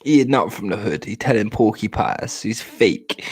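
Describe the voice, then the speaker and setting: A man's voice: fairly low pitch, lively intonation, moderate pace, a little mellow, breathy edge. A young English man in casual podcast chat, blunt, profane and rambling. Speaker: podcast host.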